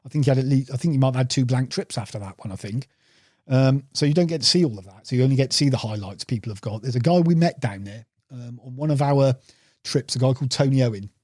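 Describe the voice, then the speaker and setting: Calling the host "mate", this podcast guest and carp angler rattles off rambling fishing anecdotes in a casual storytelling interview. He talks fast with a medium-pitched, darkish voice, captured in clean studio sound with no echo.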